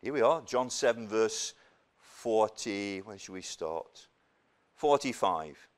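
A preacher from the north of England delivers a sermon at an unhurried, deliberate pace. His pitch moves a great deal, rising for emphasis and then falling to hushed, gentle passages. The delivery stays earnest throughout. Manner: slow and emphatic, lively swings of pitch and loudness, dropping to soft near-whispers.

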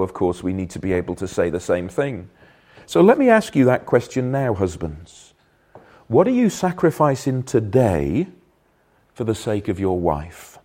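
A man's voice: medium pitch, dark tone. A man preaching an earnest sermon, stressing points and asking the listeners direct questions. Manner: earnest, emphatic, rhetorical questions.

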